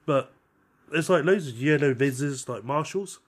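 A man co-hosting a podcast, telling a long story in casual chat, animated, swearing often and laughing as he talks. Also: fairly high pitch, normal speed, slightly rough. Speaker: podcast co-host.

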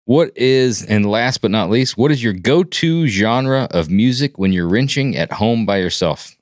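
A man's voice: mid-range voice, expressive, unhurried, dry recording, clean studio sound. A man from the American South chatting casually and jokingly as a podcast host. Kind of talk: casual chat.

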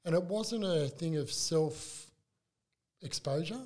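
An older Australian man chatting as an interview guest, telling stories in a halting, animated way with frequent restarts. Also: a little high. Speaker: club mascot performer, guest. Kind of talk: casual interview chat.

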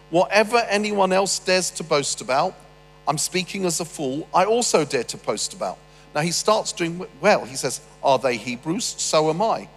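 Male preacher, witty and animated, fairly high voice, long hall reverb with faint music under him. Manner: humorous, animated storytelling with asides. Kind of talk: sermon.

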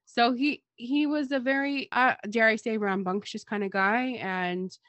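A woman's voice: a little high, steady tone, a little slow, fairly bright tone, dry recording, highs cut off. A woman co-hosting a casual history discussion, with dry, sarcastic asides. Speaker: podcast co-host.

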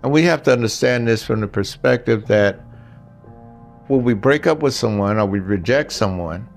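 A man's voice: mid-range voice, normal speed, gravelly, soft background music. An older man giving blunt relationship advice in a casual monologue, talking straight to the men listening and telling stories along the way. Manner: blunt, storytelling, talks straight to the guys.

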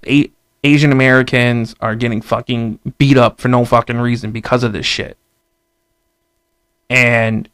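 A man's voice: mid-range voice, a bit bright, dry recording. A young man giving an emphatic, profanity-filled rant to camera, stammering and repeating himself. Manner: profane, repetitive, emphatic ranting; stammering restarts. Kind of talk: casual vlog rant.

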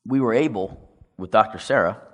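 Male speaker, very deep voice, testimony-style storytelling, reverberant hall. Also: moderate pace, a bit bright. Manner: storytelling, acts out quoted dialogue, asks audience questions. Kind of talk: testimony talk to a congregation.

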